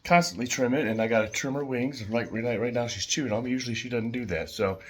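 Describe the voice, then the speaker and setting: A man casually showing his pet birds at home, chatting in a rambling way with fillers and soft laughs. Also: medium pitch, quick pace.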